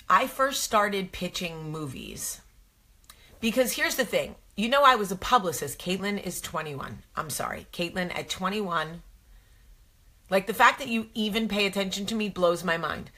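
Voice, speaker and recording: Slow, bright-voiced chatty woman host. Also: medium pitch. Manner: chatty, animated, asks rhetorical questions. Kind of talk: casual motivational talk to viewers.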